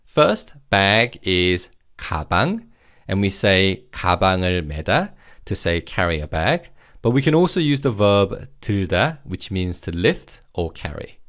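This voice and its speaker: A man teaching vocabulary in a recorded language lesson, encouraging and repeating each word slowly for learners to follow. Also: deep voice, sing-song, fairly bright tone.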